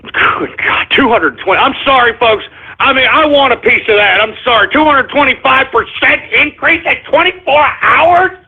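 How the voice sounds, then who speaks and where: Excitable high-voiced radio host man. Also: moderate pace, slightly rough. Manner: excitable, flustered, repeats apologies. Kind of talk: call-in radio monologue. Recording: phone-like lo-fi radio sound.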